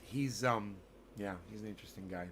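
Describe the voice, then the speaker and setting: Streamer dude ranting to chat, swears a ton, lots of ums, sharp bright voice. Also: male voice, lowish voice, fairly quick, slight background noise. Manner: profane, ranting, full of fillers. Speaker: livestreamer. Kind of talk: casual livestream chat.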